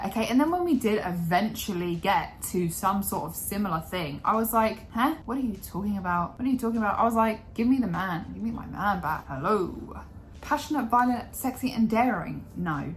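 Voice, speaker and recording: A woman's voice: medium pitch, lively intonation, a little fast. A woman chatting casually through a book review, bluntly and with some swearing, acting out her own reactions in dramatic asides. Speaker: book vlogger. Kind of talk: casual reading wrap-up chat.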